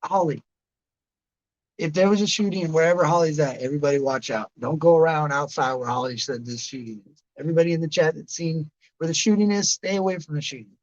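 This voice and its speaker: A man's voice: fairly high pitch, fast, muffled recording. A man in his late thirties hosting a livestream, rambling casually and answering chatters by name. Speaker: livestream host reading chat.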